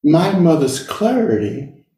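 A middle-aged man shares a personal story with an audience in a slow, earnest, deliberate way, leaving long pauses between phrases. His voice sits slightly high for a man. The sound is roomy and picked up from some distance on a stage. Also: very animated, mellow. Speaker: speaker.

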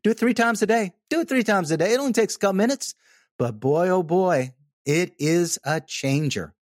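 A man telling a personal story in casual conversation, animated and emphatic. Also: sits high, moderate pace, no room sound, clean studio sound. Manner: animated, emphatic, repeats "okay?" for effect.

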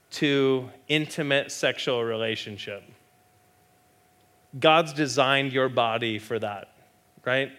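Male pastor, middle-aged, bright tone; animated, joking sermon delivery with acted-out quotes. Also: medium pitch. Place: church.

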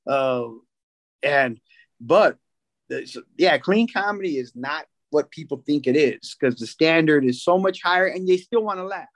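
A comedian with a high voice tells a story from his career in an easy, relaxed way. He sits close to the mic in a dry setting. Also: moderate pace, no echo. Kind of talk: casual podcast chat.

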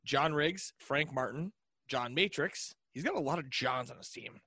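A man's voice: mid-range voice, normal speed, bright, forceful tone, breathy edge, no room sound. A man co-hosting a casual podcast, reading out lists with jokey asides and frequent laughter. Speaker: podcast co-host. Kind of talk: casual chat.

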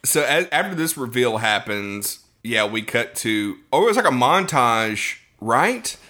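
A man co-hosting a podcast, recapping a film in animated, jokey casual chat. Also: mid-range voice, unhurried. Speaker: podcast co-host.

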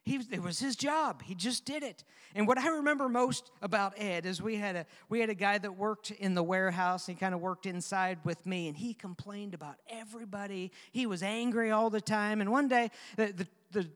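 A pastor with a notably high voice delivers a sermon, moving between casual storytelling and pointed rhetorical questions. His words ring out with a long reverb that hangs in the large hall. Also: normal speed, few pauses, a bit bright.

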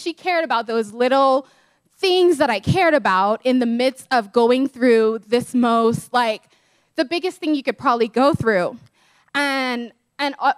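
A woman co-pastor sharing a personal story in a sermon, earnest and emotional, speaking in quick bursts. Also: high-pitched, no room sound, clean studio sound.

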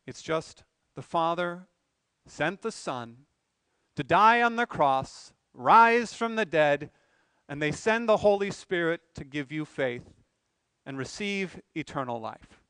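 A man's voice: on the high side, animated, slow, fairly bright tone, clean tone, no room sound. A man preaching a sermon as pastor, earnest, asking rhetorical questions and pressing his points with emphatic swells.

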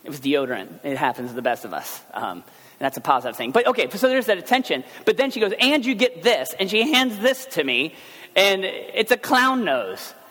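A man preaching a sermon as pastor, telling everyday stories in a chatty, animated way. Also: a little high, brisk. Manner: conversational storytelling, animated asides. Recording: long hall reverb.

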